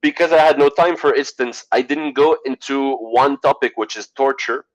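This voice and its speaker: A man giving an online presentation over a video call, halting with fillers and clearing his throat as he loses his voice. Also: medium pitch, fairly even intonation, poor audio. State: losing his voice.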